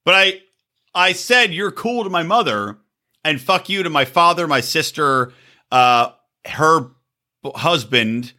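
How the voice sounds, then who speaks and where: A man with a bright, sharp-edged voice hosts a casual podcast. He swings his pitch widely as he spins crude, profane stories. He laughs often and teases his friend. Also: animated, slow pace, long pauses. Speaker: podcast host.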